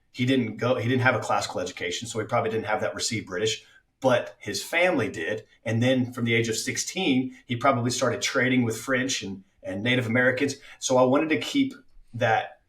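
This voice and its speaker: A man's voice: mid-range voice, a little fast, fairly bright tone, roomy sound, distant mic. A man speaking as an actor guest on a casual podcast, reflective, with many fillers and restarts.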